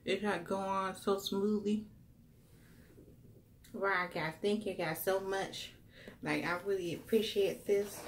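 A woman's voice: medium pitch, steady tone, slow, pauses often, slight background noise. A young woman in a casual unboxing vlog, gushing over gifts and a little teary. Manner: gushing, exclaims "wow" often, addresses viewers as y'all. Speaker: vlogger.

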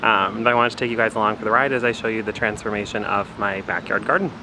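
A man's voice: lowish voice, fairly even intonation, quick pace. A man vlogging casually to camera from his backyard garden, talking in an easygoing, chatty way straight to his viewers. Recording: noisy outdoor recording.

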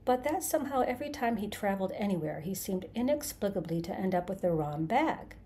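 A woman narrating a comic science fiction novel in a measured, dry storytelling delivery. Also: medium pitch, big pitch swings, warm tone, slight background noise. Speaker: narrator, podcast host. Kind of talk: scripted audiobook narration.

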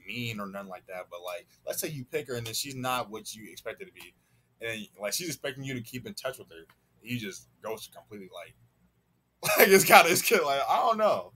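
A man's voice: medium pitch, fairly bright tone, breathy edge. A man hosting a reaction video, chatting casually and rambling with frequent stutters and laughs.

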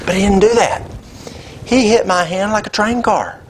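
A man preaching a sermon, telling a personal story in a conversational, animated way. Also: sits high, moderate pace, a little hiss or hum. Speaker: pastor. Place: church.

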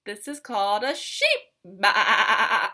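Young female preschool teacher, high, bouncy sing-song read-aloud, unhurried, into a webcam. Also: big pitch swings, bright, forceful tone. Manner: sing-song, exaggerated and encouraging for toddlers. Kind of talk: circle time read-aloud for young children.

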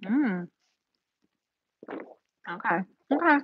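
While painting on a live stream, a woman chats nervously with her viewers and responds to commenters in a casual way. Her medium-pitched voice has lively intonation and drawn-out words, and the dull, dry home-stream audio carries a little hiss or hum.

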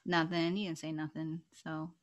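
A woman's voice: low voice, normal speed. A woman co-hosting a book club podcast in casual chat, telling stories animatedly and acting out her own comebacks. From Philippine diaspora. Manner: animated storyteller, acts out her own retorts.

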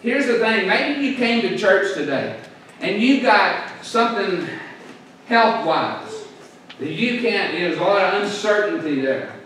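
A bright-toned man preaches in an echoey church, heard from some way off the mic. He speaks a little high for a man and keeps calling on the congregation to answer him aloud. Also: expressive, unhurried, a little hiss or hum. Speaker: pastor. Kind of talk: sermon. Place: church sanctuary. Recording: echoey church room, voice from a distance.

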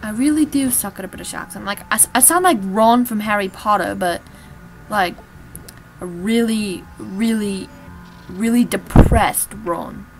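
A woman's voice: medium pitch, moderate pace, faint music behind. A woman giving casual commentary over her gameplay, rambling and joking at her own expense. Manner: rambling, self-mocking chatter. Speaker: gameplay video maker.

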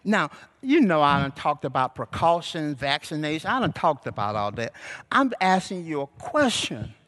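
A man preaching a sermon as pastor, calling out to the congregation and building to shouts. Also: a little high, very animated, moderate pace. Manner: call-and-response preaching, rising to shouts. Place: church sanctuary.

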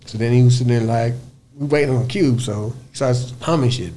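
A man who plays bass, guest on a radio interview, telling a story in a lively, profane way, acting out other people's voices and humming bass lines. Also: fast talker, a little hiss or hum. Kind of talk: animated storytelling in casual interview. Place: radio studio.

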